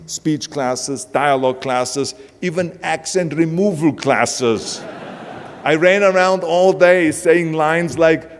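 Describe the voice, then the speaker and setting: An older man from Austria with a heavy Austrian German accent, giving an emphatic motivational speech full of punchy anecdotes. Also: mid-range voice. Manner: emphatic storytelling, punchy lines. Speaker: keynote speaker. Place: large event hall. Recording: long hall reverb from a live stage.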